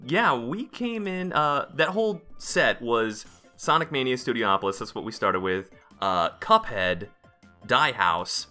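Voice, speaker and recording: A man co-hosting a podcast in casual chat, excitable and rambling, restarting his sentences often. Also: medium pitch, unhurried, soft background music. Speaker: podcast co-host.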